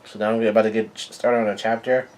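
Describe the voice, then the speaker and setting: A man giving a live reading and reaction to a comic chapter, in a halting, stumbling way full of restarts. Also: fairly low pitch, flat delivery, a little mellow, slight background noise. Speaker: manga reader and reactor.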